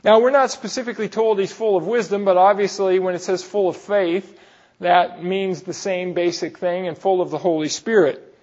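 A man with a high-pitched voice preaches through a Bible passage, working through it verse by verse. He breaks off for explanatory asides and the odd chuckle. The recording sounds dull and lo-fi. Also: fairly even intonation, normal speed, a little mellow. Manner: explanatory, with asides and light laughs. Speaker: pastor. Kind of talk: expository Bible sermon.

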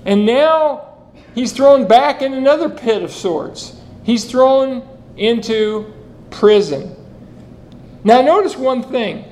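Slow high-pitched man preaching. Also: poor audio. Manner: lively, animated, asks rhetorical questions, quotes scripture. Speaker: pastor. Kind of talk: expository sermon.

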